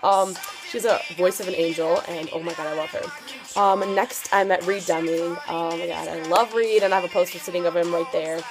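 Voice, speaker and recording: A teenage girl telling a story on her vlog in an excitable, gushing way, full of "like" fillers. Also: on the low side, moderate pace. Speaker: vlogger. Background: background music.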